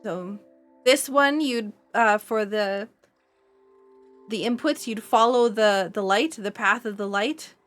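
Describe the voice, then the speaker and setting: A woman's voice: mid-range voice, slow, fairly bright tone, soft background music. A woman playing a game live and explaining it as she goes, chatty and laughing often, with plenty of fillers. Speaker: speedrun player. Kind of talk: live gameplay commentary.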